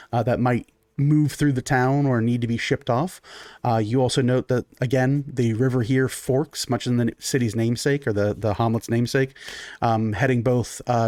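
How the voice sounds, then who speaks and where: A man's voice: mid-range voice, darkish tone, no room sound. Rambling game master man, dry sound. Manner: rambling, filler-heavy scene description. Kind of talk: narrating a tabletop game.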